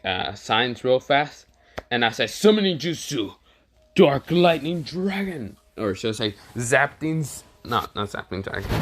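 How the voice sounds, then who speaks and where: A man casually improvising a fan-fiction story aloud, rambling with fillers and restarts and swearing freely. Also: mid-range voice.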